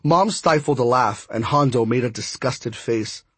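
A man's voice: medium pitch, measured pace, husky, dry recording. A man narrating a first-person audiobook in an easygoing, conversational way.

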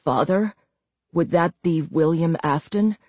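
A woman voicing a hurt but defiant young man who speaks in a low, steady voice. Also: measured pace, breathy edge, no room sound. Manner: low and steady, turns to shouting taunts.

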